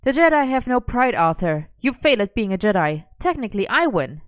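A woman reading aloud, voicing an excitable, playful young man who shouts and pleads. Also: fairly high pitch, a little fast, no room sound, clean studio sound, pitched above the performer's own voice.

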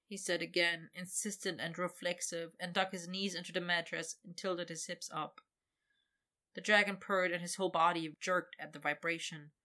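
Woman narrator, fairly low pitch but bright tone, steady intimate storytelling for an adult audio story. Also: normal speed.

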